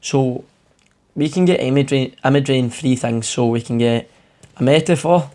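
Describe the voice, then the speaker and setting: A man's voice: medium pitch, fairly even intonation, fairly quick, warm tone. Casual male tutor explaining exam answers. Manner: informal, rambling explanations with fillers. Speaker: English tutor. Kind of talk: exam walkthrough lesson.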